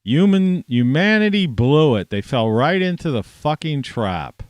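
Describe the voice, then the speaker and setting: A man ranting to camera in a rambling, profane monologue, scornful and swearing constantly, with sudden loud outbursts. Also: fairly high pitch, big pitch swings, a little slow, no room sound. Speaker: vlogger.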